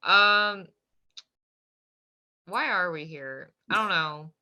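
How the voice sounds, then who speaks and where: A player at a tabletop game over a video call who asks wry, deadpan questions. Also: medium pitch, very slow. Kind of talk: casual tabletop play.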